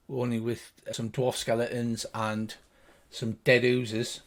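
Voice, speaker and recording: An older man narrating as game master, setting scenes in an unhurried, descriptive way. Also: medium pitch.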